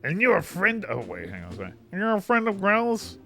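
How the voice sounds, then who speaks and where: A man's voice: sits high, wildly swooping pitch, a little fast, pushed and bright, faint music behind, pitched above the performer's own voice, exaggerated voice. A man voicing a confident small male mouse detective in a game, self-assured and inquisitive.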